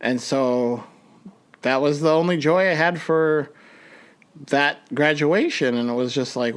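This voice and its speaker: A man's voice: takes it slowly, clear, resonant tone. A young man hosting a podcast, telling a personal story in a rambling way with many restarts, his voice jumping up when he acts out his panic. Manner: rambling, frequent restarts, voice jumps high when reenacting panic. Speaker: podcast host.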